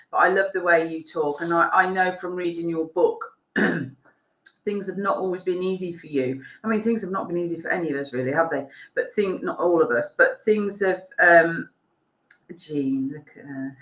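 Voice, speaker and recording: A woman's voice: lowish voice, fairly bright tone. Chatty woman, lo-fi roomy stream. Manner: chatty, affectionate, laughs often. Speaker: co-host of a live stream. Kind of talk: casual chat. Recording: roomy, dull lo-fi stream audio.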